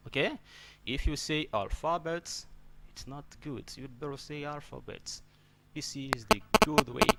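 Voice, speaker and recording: A man's voice: fairly high pitch, pushed and bright. A man whose first language is not English, teaching English pronunciation and word stress, often repeating words and asking "okay?". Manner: addresses listeners as brother. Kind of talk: spoken pronunciation lesson.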